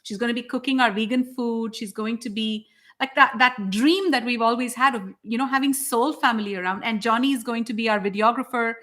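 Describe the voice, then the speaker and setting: A woman's voice: a little high, fairly quick, sharp tone. A woman hosting a live spiritual broadcast, talking in an enthusiastic, emphatic, preachy way. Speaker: spiritual channel host.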